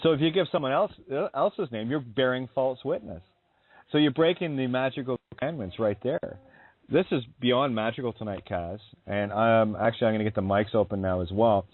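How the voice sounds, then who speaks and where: A radio talk show host with a medium-pitched voice speaks a little fast, chatting earnestly and effusively about spiritual ideas. The sound is dry and tinny, like a phone line, with no room sound.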